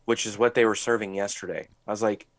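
A man's voice: lowish voice, fairly even intonation, fast talker, dry recording. A man co-hosting a podcast in casual chat, blunt and emphatic, swearing freely as he gives strong opinions. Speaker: podcast co-host.

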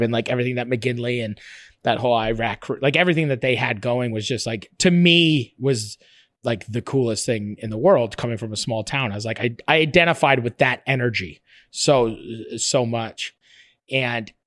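This is a clean studio recording with no room sound, featuring a man with a mid-range voice. He's an interview guest who created a cooking show, and he rambles, swears, restarts often, and laughs animatedly as he tells stories.

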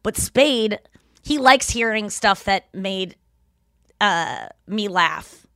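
A woman hosting a podcast in casual chat, rambling and animated, laughing often as she talks. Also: mid-range voice, slow, dry recording, clean studio sound. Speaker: podcast host.

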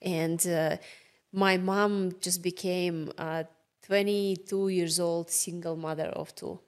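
A woman from Russia with a Russian accent, a guest earnestly recounting her childhood in measured English. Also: fairly low pitch, steady tone. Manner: earnest, measured, slight non-native grammar. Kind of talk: personal storytelling.

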